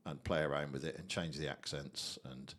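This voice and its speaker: A man casually walking through a software tutorial, chatty and thinking aloud. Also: very deep voice, fairly even intonation, normal speed. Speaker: tutorial host.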